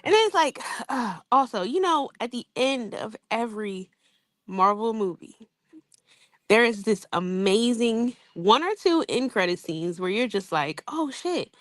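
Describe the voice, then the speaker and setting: A woman co-hosting a relaxed movie podcast. She speaks slowly, with a fairly high and very lively pitch. She laughs often and teases, and the recording sounds dry and close. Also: no echo. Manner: laughs often, unhurried and teasing. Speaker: film review co-host. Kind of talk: casual podcast chat.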